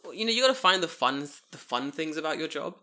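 A young man from the United Kingdom, co-hosting a podcast and telling swear-filled stories in a casual, animated way, acting out both sides of old arguments. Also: on the high side, quick pace. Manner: animated storytelling, swears often, acts out both sides of conversations. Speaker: podcast co-host. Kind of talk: casual chat.

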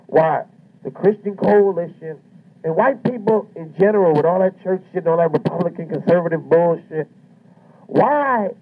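A man's voice: a little high, husky. A man doing a stand-up comedy routine, brash and swaggering, with heavy profanity. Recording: muffled lo-fi recording.

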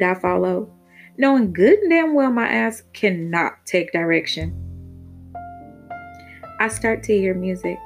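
A woman hosts her podcast and narrates an erotic first-person story, candid and casual and swearing freely. Her voice sits at a middling pitch. Soft guitar music plays faintly behind her.

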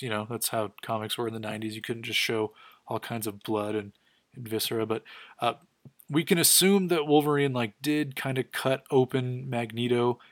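A man giving a casual, enthusiastic comic book recap, quick and full of fillers. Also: mid-range voice, fairly bright tone, no echo. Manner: rapid, filler-heavy, enthusiastic.

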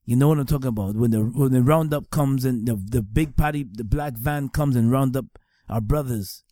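A middle-aged man gives earnest personal testimony, circling back over his words for emphasis. His voice is warm and mellow. It sits dry and close, with no room around it. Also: mid-range voice, moderate pace, dry recording. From New York, Staten Island. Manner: earnest, repeats phrases for emphasis. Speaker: speaker giving testimony.

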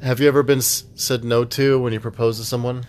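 A laid-back man hosts a casual podcast chat. He rambles and laughs often, and his voice sits at an ordinary middle pitch. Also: little pitch movement, fairly quick, a little mellow. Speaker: podcast host.

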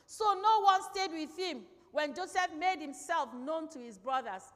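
High-voiced woman preaching in a reverberant hall. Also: lively intonation, moderate pace, a bit bright. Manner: emphatic, repeats key phrases, asks the congregation questions. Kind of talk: sermon. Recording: long reverb in a large hall.

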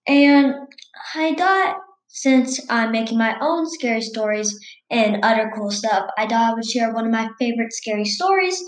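A woman's voice: fairly high pitch, animated, moderate pace, echoey room, rough recording. A woman reading a scary story aloud in a casual, stumbling way, restarting words as she goes.

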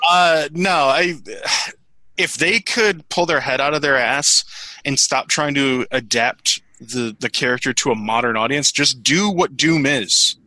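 Bright-voiced man in casual chat. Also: medium pitch, unhurried, dry recording, poor audio. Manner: animated, profane, rambling with restarts. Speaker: podcast co-host.

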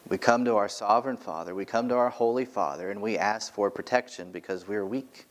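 A pastor preaching a sermon from the pulpit of a church, earnest and emphatic, repeating key phrases for weight. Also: male voice, fairly low pitch, a little fast.

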